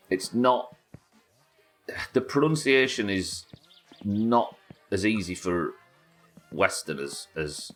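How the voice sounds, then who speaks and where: This British streamer's low, slightly bright voice has lively intonation, an unhurried pace and frequent pauses, with soft music underneath. He chats casually during live gameplay, swearing freely and reading viewer messages aloud.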